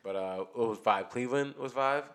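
A man's voice: mid-range voice, brisk, fairly bright tone. A man co-hosting a podcast, talking sports casually and thinking aloud as he goes. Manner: loose, rambling, thinks aloud with restarts. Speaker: podcast co-host.

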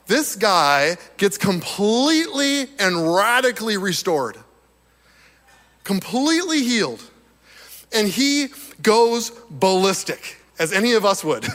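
A slightly hoarse man with a high voice delivers an animated sermon, chuckling between his points. His voice rings with the long reverb of a large hall. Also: takes it slowly. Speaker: preacher.

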